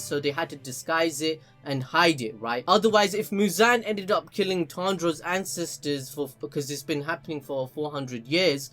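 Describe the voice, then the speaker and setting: A young man hosting casual comic book commentary, excitable and swearing, often laughing. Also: fairly high pitch. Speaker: host.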